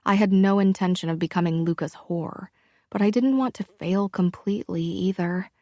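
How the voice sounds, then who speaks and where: A woman narrating a first-person romance audiobook in a slow, hushed, intimate manner. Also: mid-range voice, dry recording, studio quality.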